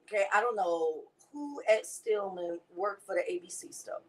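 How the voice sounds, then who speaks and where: A woman's voice: mid-range voice, animated, moderate pace, poor audio. A woman, chatting to viewers as she hosts a casual cooking demonstration. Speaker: cooking show host.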